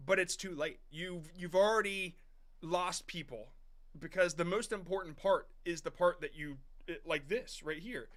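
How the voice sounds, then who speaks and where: A man's voice: a little high, fairly bright tone. A man in his thirties hosting a live stream, giving frank, rambling casual commentary on viewers' short videos, with restarts and mild swearing. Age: 30s.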